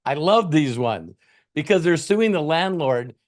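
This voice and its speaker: A man's voice: a little high, expressive, unhurried. A man hosting a casual motivational talk, rambling conversationally and acting out little scenes. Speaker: host, motivational coach.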